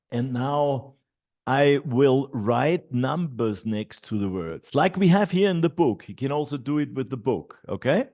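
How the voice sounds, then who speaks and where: A man's voice: medium pitch, darkish tone. A middle-aged man giving a teacher training talk, walking through classroom steps with many fillers and repeated et ceteras.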